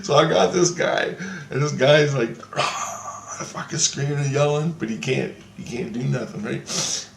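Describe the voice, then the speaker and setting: A man's voice: mid-range voice, normal speed, creaky. A man casually telling a dream story in a rambling, profane way. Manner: profane, rambling, acts out quotes. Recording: echoey room with faint background noise.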